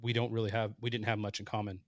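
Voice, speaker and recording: Animated storytelling man in his thirties. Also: fairly low pitch, fast talker, dry recording. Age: 30s. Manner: animated, acts out quoted voices. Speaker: podcast guest, hunter. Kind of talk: casual storytelling.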